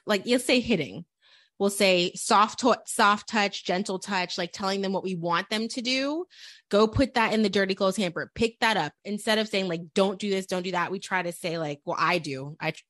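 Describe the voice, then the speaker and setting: Young mom co-host, animated and chatty, filler-heavy storyteller, dead-dry mic. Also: female voice, mid-range voice, no room sound. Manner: animated storyteller, quick asides, many "like"s. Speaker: podcast co-host, mother. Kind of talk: casual chat.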